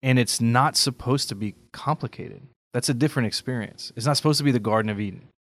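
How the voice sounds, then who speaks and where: A man's voice: medium pitch, fast talker, no room sound. A man co-hosting a casual faith podcast, talking earnestly and thoughtfully, often checking in with "right?". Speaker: podcast co-host.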